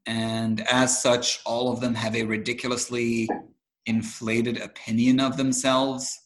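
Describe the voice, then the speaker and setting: A man's voice: medium pitch, level tone, measured pace, low-quality recording. A man chatting casually, rambling with lots of fillers and restarts, telling stories of growing up in the Gulf. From grew up in the Gulf states. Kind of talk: casual chat.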